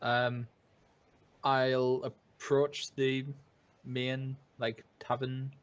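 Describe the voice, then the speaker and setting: A man's voice: mid-range voice, monotone, extremely slow, clear, resonant tone. A man playing a tabletop game, thinking aloud with hesitant questions. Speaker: player. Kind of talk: casual chat at a tabletop game.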